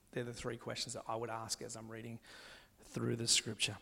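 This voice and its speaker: Male preacher, gravelly tone, gentle and unhurried, recorded in a long-echo church hall. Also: medium pitch, monotone. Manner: gentle, slows down to read scripture aloud. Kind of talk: sermon.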